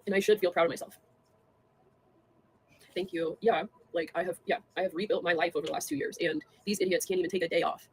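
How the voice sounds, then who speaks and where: Young woman livestreaming, rattling off a rant super fast, lots of likes and ums, bit of hiss behind. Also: fairly low pitch, steady tone. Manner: fast, filler-heavy and scornful, laughing between jabs.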